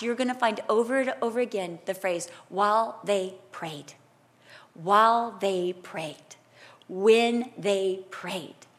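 Animated woman preacher telling stories. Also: fairly high pitch. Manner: animated storytelling, acts out quotes loudly. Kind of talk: sermon with personal story.

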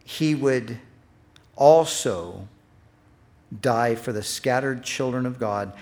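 A man's voice: mid-range voice, slow, a little mellow. Earnest middle-aged male preacher. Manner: earnest, builds emphasis on repeated phrases. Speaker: pastor. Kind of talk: sermon.

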